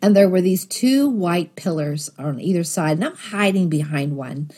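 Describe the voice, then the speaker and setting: A woman with a low, husky voice tells a personal faith testimony. She speaks earnestly and acts out the thoughts she quotes in her story. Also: animated, moderate pace, warm tone. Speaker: guest sharing testimony.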